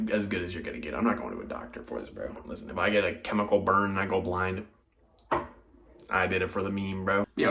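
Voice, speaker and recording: A man's voice: lowish voice, gravelly, husky. A young man casually talking through a hobby perfume-mixing vlog, rambling and self-mocking with slangy asides.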